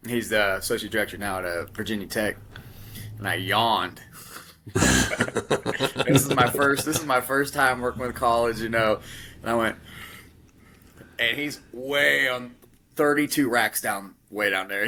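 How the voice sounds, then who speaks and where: A man, a strength coach, telling a story in a casual podcast chat, laughing and quick to agree. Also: medium pitch, steady tone, sharp tone.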